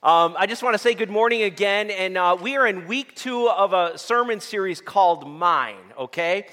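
A man's voice: high-pitched, moderate pace, sharp tone. A male pastor preaching a sermon to his congregation, asking them questions and waiting for answers. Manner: addresses the congregation with call-and-response questions. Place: church sanctuary. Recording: long hall reverb.

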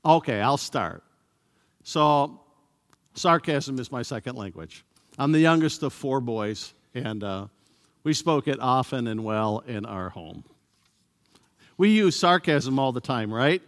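A man preaching a sermon as pastor, slow and emphatic, sometimes acting out sarcastic voices. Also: mid-range voice. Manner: animated, acts out sarcastic voices; slow, emphatic delivery with pauses. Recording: long hall reverb.

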